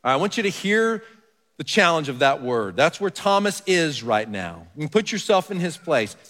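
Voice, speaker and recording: A man preaching a sermon as pastor, reading scripture softly and building to earnest emphasis. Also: on the high side, big pitch swings, moderate pace. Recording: long hall reverb.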